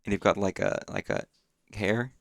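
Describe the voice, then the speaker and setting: A man's voice: fairly low pitch, huge pitch swings, normal speed, vocal fry, fairly bright tone, no echo, studio quality. A man streaming a game live, chatting casually in a rambling way, swearing often and full of fillers. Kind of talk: casual live gameplay chat.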